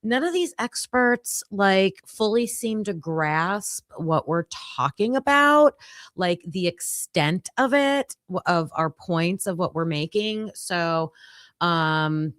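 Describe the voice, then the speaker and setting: A woman hosts a casual true crime stream from her home computer, talking to herself as she fumbles with the setup. Her delivery is slow and unhurried, and her voice rises and falls a lot. The sound is dry and close, with no room around it. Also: lowish voice, expressive, fairly bright tone, no room sound. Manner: flustered, chatty, self-talking while fixing tech. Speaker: true crime show host. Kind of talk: casual livestream chat.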